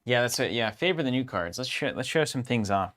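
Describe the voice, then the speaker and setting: A man's voice: mid-range voice, lively intonation, a little fast, a bit bright. A young adult man co-hosting a livestream, joking around and greeting chat viewers as he chats casually. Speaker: stream co-host.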